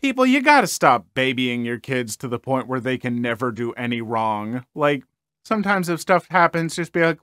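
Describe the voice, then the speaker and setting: A man's voice: medium pitch, sing-song, normal speed, fairly bright tone, no room sound, studio quality. A young man reading online stories aloud and chatting about them casually, with lots of fillers. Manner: casual, rambling, many fillers. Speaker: story reader and commentator.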